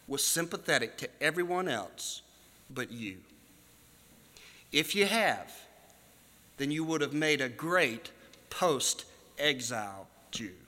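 A man with a high, very bright voice preaches a sermon that rises to shouted cries and drops to near-murmurs. His voice rings out in a large hall with a long reverb. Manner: preaching with swings from hushed to shouted. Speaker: pastor.

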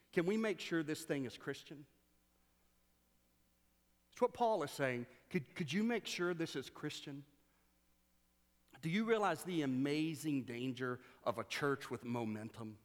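A man preaching a sermon, telling stories with playful sarcasm and then turning earnest and quiet. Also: a little high, normal speed. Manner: animated storytelling with playful sarcasm. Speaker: pastor. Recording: long hall reverb.

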